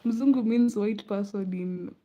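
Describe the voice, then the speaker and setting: A young Kenyan woman with a Kenyan accent chatting casually late at night, rambling and laughing, often dropping to a soft murmur. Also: medium pitch, measured pace, muffled recording. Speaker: vlogger.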